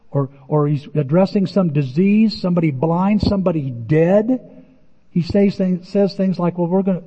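A man preaching a sermon in a conversational, animated way, his voice rising for emphasis. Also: a little high. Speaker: pastor. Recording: muffled sound in a reverberant hall.

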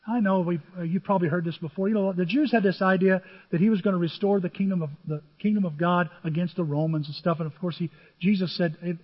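A man's voice: high-pitched, fairly even intonation, fast talker, hardly any pauses. An older man preaching a sermon as pastor, speaking conversationally and acting out dialogue from the stories he tells. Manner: conversational storytelling, acts out biblical dialogue. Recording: dull audio with long hall reverb.

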